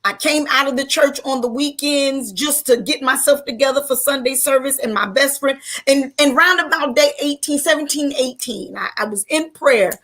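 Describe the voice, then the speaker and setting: Brief: high, bright-voiced woman faith leader, preacherly testimony, emphatic repetition. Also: moderate pace, few pauses. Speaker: faith leader, panel guest. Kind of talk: personal testimony turning into preaching.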